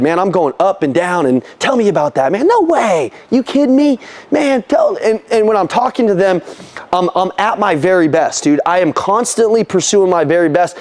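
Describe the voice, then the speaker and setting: High-voiced, animated male sales trainer. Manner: animated, profane, acts out customer dialogue. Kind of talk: live sales training talk.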